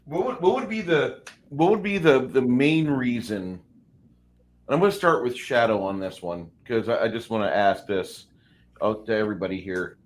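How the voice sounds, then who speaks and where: Relaxed male panel host. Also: medium pitch, normal speed. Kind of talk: casual panel chat.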